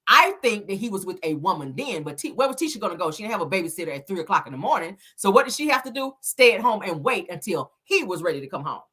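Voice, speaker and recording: A woman's voice: medium pitch, sing-song, fast talker, few pauses, fairly bright tone, husky. A woman hosting a casual gossip commentary, reading messages aloud, chatty and profane, talking straight to her viewers.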